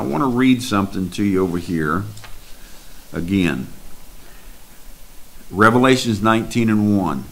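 A man preaching a slow, drawn-out sermon, reading scripture aloud and expounding on it. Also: fairly low pitch.

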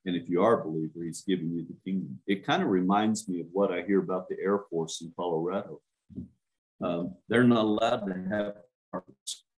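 Deep-voiced man preaching with emphatic repetition. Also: brisk, a little mellow, rough recording. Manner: emphatic, repeats words for stress; addresses listeners with direct questions. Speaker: minister. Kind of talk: sermon.

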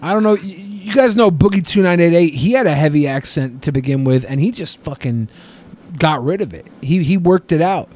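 A man's voice: a little high, expressive, a little fast, darkish tone. A man co-hosting a podcast, reading listener questions and giving loose, profane, joking advice. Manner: loose, profane, laughs often. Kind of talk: crude, joking podcast banter.

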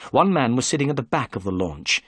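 A man giving clear, measured narration of a graded reader story. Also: medium pitch, big pitch swings, a bit bright, dry recording.

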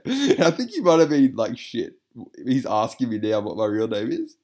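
A man's voice: medium pitch, wildly swooping pitch, normal speed, few pauses, darkish tone. A man giving casual reaction commentary, rambling with lots of fillers, swearing and frequent laughter.

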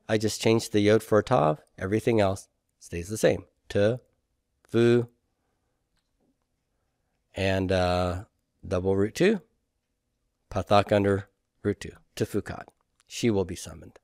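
A man teaching a classroom grammar lecture, patiently quizzing students and repeating forms slowly. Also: on the low side, animated, a little mellow, dry recording, clean studio sound.

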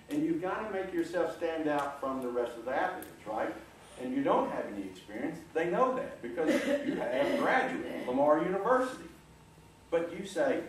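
A middle-aged man giving a folksy, animated motivational talk to a room, coaxing the audience along. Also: high voice, normal speed. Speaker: guest speaker. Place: large lecture room. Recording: echoey room, distant mic, faint hiss.

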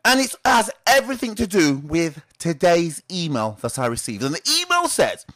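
A man's voice: fairly high pitch, normal speed, few pauses. A man hosting a weekly trading tip, teaching straight to his viewers and firing off rhetorical questions that he answers himself. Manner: animated, asks rhetorical questions and answers them. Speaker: trading educator and show host. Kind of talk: direct-to-camera teaching talk.

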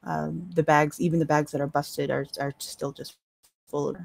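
A woman's voice: low-pitched, little pitch movement, normal speed, creaky, darkish tone, dry recording. A woman narrating as dungeon master in a tabletop game, describing scenes in a laid-back way and laughing often.

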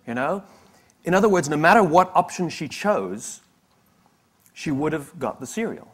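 A man's voice: on the high side, big pitch swings, brisk. Conversational male motivational speaker. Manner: conversational storyteller with humorous asides. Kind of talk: motivational talk to an audience.

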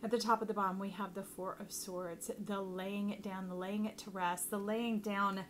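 A woman's voice: medium pitch, level tone, moderate pace, a little hiss or hum. Chatty woman reading tarot. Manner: chatty, affectionate, bursts into laughter. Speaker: tarot reader. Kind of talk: casual tarot reading to camera.

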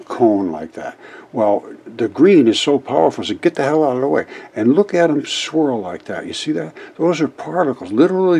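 An older man rambling through an explanation of experiment footage, halting and repeating words as he goes. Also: medium pitch, darkish tone, husky. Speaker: independent science video maker. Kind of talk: casual explanation over footage.

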